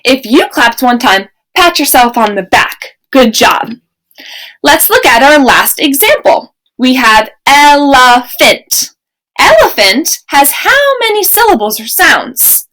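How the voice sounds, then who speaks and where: A young woman teaching a remote kindergarten lesson, speaking slowly and clearly in an encouraging teacher voice. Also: high voice, sing-song, pushed and bright, poor audio.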